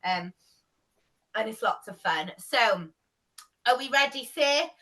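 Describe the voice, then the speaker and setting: A woman's voice: a little high, lively intonation, slow, pushed and bright, recorded from a distance, low-quality recording. A woman leading an online camp training on a video call, bubbly and encouraging as she leads the singing and dancing.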